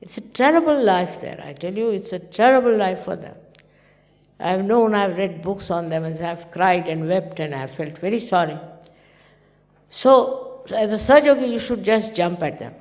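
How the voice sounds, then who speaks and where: A woman's voice: mid-range voice, moderate pace, darkish tone. Older Indian woman teaching in a hall. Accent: Indian English. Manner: conversational, anecdotal, acting out quoted dialogue. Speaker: spiritual teacher. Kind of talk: informal spiritual talk. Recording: long hall reverb.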